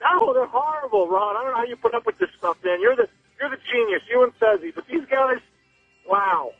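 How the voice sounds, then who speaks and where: A scornful man phoning in to a radio show, blunt and swearing. His voice jumps high and wide, husky and gravelly, squeezed through a thin, dry phone line. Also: big pitch swings, brisk, no echo, soft background music. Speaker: caller. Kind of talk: phoned-in rant.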